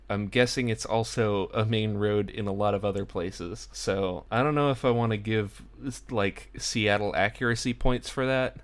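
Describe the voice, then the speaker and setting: A man's voice: lowish voice, smooth. A young man casually recapping a sitcom episode for his vlog, chatty and full of "like" asides. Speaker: TV episode reviewer.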